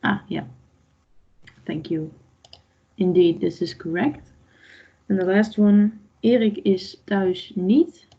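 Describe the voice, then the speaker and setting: A woman teaching an online language class, unhurried and patient, with a gravelly, husky voice. She quizzes the class and explains each answer. The sound is dull and lo-fi. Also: medium pitch, steady tone. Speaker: Dutch teacher.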